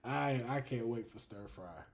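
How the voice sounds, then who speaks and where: Animated man hosting a livestream. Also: medium pitch. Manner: animated, laughing, swearing, drawn-out fillers. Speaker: livestream host. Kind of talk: casual livestream chat.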